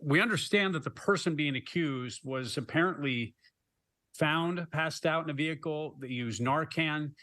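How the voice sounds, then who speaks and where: A man's voice: on the high side, normal speed, pushed and bright, dry recording. Man hosting a TV news panel. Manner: plain, moderating. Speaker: news show host. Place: TV studio.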